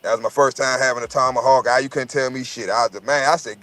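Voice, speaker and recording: A man's voice: medium pitch, fairly even intonation, quick pace, a bit bright, dry recording. A man in casual chat, telling profane, rambling stories and repeating his words as he goes.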